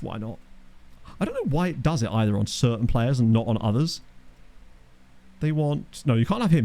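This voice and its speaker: A man's voice: medium pitch, mellow. A man streaming a football management game, chatting casually with his chat, rambling and joking as he plays. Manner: rambling, jokey, reacts to chat. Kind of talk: casual live-stream commentary. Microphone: desk microphone.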